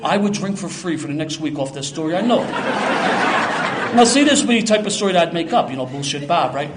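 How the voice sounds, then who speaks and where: A man's voice: on the high side, lively intonation, fast talker, very noisy. An older man from Philadelphia with a Philadelphia accent, telling a self-mocking, streetwise story to a live audience.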